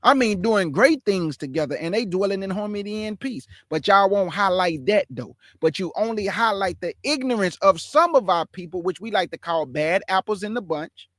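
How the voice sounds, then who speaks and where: A man preaching in a high, forceful register, hammering his points home with repeated phrases. The recording is dry and close, with no room sound around him. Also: lively intonation, normal speed, hardly any pauses, dry recording. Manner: emphatic, repetitive preaching cadence. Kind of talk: impassioned sermon.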